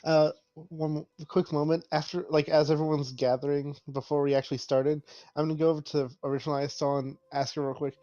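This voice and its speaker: A man playing in a tabletop game, eager and quick to laugh. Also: a little high, flat delivery, dark tone, no room sound, dull audio, faint music behind. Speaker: player. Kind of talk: casual tabletop play.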